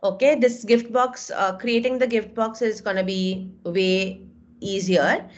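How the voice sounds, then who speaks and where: A woman with an Indian English accent, teaching a live online class and warmly praising her students' work, heard over a video call. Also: mid-range voice, fairly even intonation, a little slow. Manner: encouraging, effusive praise, calls out names. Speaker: webinar instructor. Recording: dull lo-fi video call audio.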